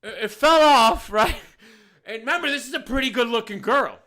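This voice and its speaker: A bar owner tells an animated story, full of swearing and emphasis. His voice sits high and sounds bright and forceful, and he often laughs as he talks. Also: moderate pace. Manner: profane, emphatic, laughs while telling.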